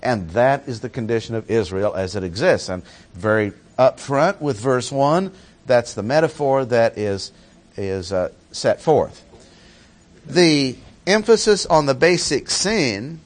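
A man's voice: mid-range voice, expressive, unhurried. A man teaching through a Bible passage verse by verse, stressing key words by repeating them.

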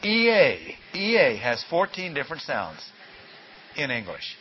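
A man gives a folksy Bible class lecture, tossing rhetorical questions at his listeners. He talks at a moderate pace in a sing-song, medium-pitched voice, on a dull lo-fi recording with faint hiss.

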